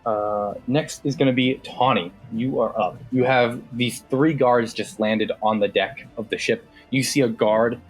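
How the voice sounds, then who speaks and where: A man's voice: mid-range voice, fairly even intonation, unhurried, hardly any pauses, breathy edge, faint music behind. A man narrating a tabletop game as game master, casual, with many fillers.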